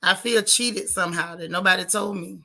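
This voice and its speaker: Woman streamer, bright and teasing, casual chat. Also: mid-range voice, moderate pace, creaky. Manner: chatty, teasing, dramatic exclamations. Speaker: vlog host reading chat.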